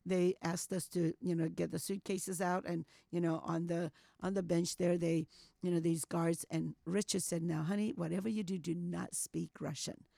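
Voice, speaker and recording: An older woman telling a personal story as an interview guest, animated, acting out what people said and sprinkling in "you know.". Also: on the low side, normal speed, vocal fry, no room sound, studio quality. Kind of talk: storytelling testimony.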